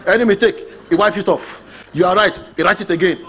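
A male pastor preaching a sermon, emphatic and animated, drawing responses from the congregation. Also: high voice, brisk.

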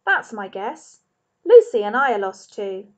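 A woman reading the part of a big, bearded homeless man who talks to a dog and a toy rabbit in a courteous, gently teasing, wordy way. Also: medium pitch, very animated, unhurried. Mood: gentle. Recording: dull lo-fi recording.

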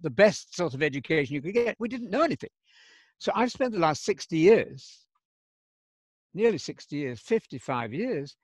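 An older man talks with earnest enthusiasm, his fairly high voice rising and falling widely. He laughs often as he makes his points. The sound is dry and close, with no room around it. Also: no room sound. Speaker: Christian theologian guest. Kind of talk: conversational dialogue.

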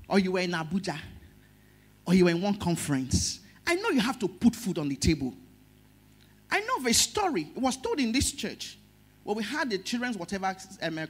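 A middle-aged pastor with a Nigerian accent gives an emotional sermon in a medium-pitched, slightly rough voice, moving between loud emphasis and quiet words.

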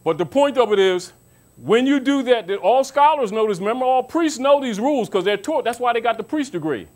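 High-voiced man lecturing, preachy. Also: expressive, brisk. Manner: preachy, rhetorical questions, mocking asides; calls listeners baby. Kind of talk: informal lecture to an audience.

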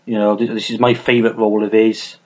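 Speaking quickly and flatly in a fairly low voice, a man chats unscripted to camera about his films from a small, warm home room. He rambles and swears, restarting often and mocking himself along the way, and the sound quality is lo-fi.

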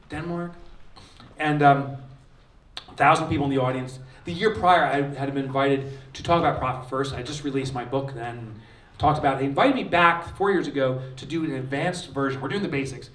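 A man giving an energetic keynote speech at a conference, telling stories and acting out quotes. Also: fairly high pitch. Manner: animated, acts out quotes with shouts and laughs. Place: large conference hall, live audience. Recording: roomy hall sound, voice a bit distant.

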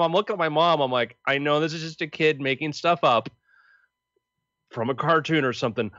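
A man co-hosting a podcast, telling anecdotes casually in an animated way and acting out the quotes. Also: fairly high pitch, brisk, no room sound. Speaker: podcast co-host. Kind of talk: casual storytelling chat. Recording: dry, dull lo-fi mic.

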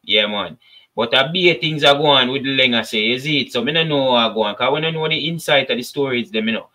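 A Jamaican man talks straight to his viewers in easy patois, running a casual commentary show. His voice is bright and forceful, with plenty of push behind it. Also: medium pitch, fast talker. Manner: chatty, addresses viewers as people, patois asides. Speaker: commentary channel host.

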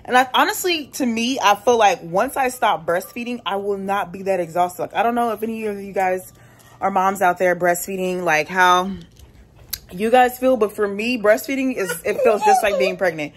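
A woman's voice: medium pitch, normal speed. A young woman, a single mom working from home, chatting candidly to her phone camera in a casual vlog, swearing now and then. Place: at home, laundry room and house.

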